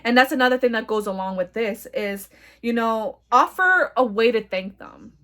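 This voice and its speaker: A young woman hosting a casual solo podcast, loud and blunt with a slight stutter, talking in a chatty, profane way. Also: a little high, animated, moderate pace. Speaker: podcast host.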